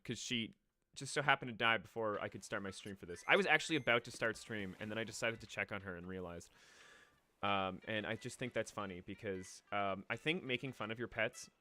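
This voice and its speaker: His voice is medium-pitched and sharp as this young man, streaming a game late at night, rambles about losing his pet. He gets choked up at times, restarting sentences and swearing as his emotions come through.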